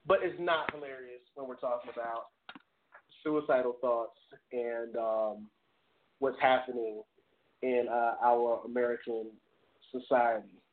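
A man's voice: medium pitch, fairly even intonation, unhurried. A man hosting a live call-in talk show, speaking earnestly, stammering and laughing at himself. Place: home studio. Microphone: webcam streamed live. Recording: tinny phone-like audio.

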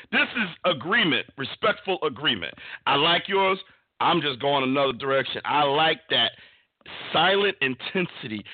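A man hosting a casual sports talk show, telling stories in an animated way with many restarts. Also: on the high side. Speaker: podcast host. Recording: dry, phone-like line.

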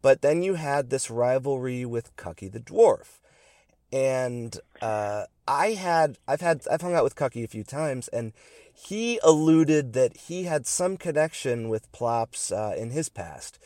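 A man co-hosting a radio show, asking questions haltingly with many fillers. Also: mid-range voice, animated, darkish tone, no echo. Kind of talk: casual interview.

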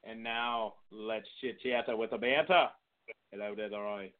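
A man's voice: medium pitch, a little slow. Male co-host, playful and silly, heard over a phone-like line. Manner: goofy, playful. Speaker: podcast co-host. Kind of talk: joking sponsor read and chat.

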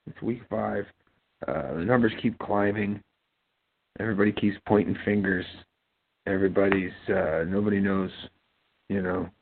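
A deep, steady male voice at a moderate pace, pausing often, comes through with a tinny, phone-like quality. He's a podcast host from Ohio running a casual talk show, mumbling and rambling with plenty of fillers and restarts.

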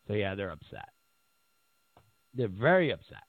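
A man's voice: a little high, sing-song, slow pace, long pauses, no echo. A man hosting casual political commentary who mocks his opponents, repeats his points and laughs at his own remarks. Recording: tinny phone-like audio.

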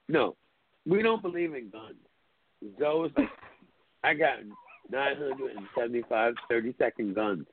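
A man hosting a call-in tribute show, telling stories in a casual, animated way, swearing often and acting out his friends' lines. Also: mid-range voice, unhurried, long pauses. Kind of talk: casual storytelling chat. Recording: phone-line audio with hiss.

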